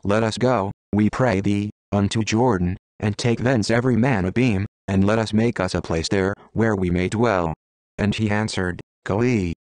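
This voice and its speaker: A man giving a measured, solemn reading of King James scripture. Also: fairly low pitch, steady tone, darkish tone, no echo. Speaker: Bible reader.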